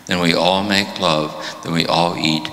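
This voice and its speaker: A man voicing a dead husband reborn as a jackrabbit, reciting his routine slowly and deadpan in a reverberant hall. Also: low voice, slight background noise.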